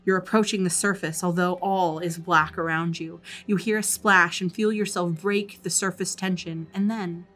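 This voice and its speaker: A woman narrating a folk horror tabletop game as dungeon master, describing scenes calmly. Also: lowish voice, normal speed, few pauses.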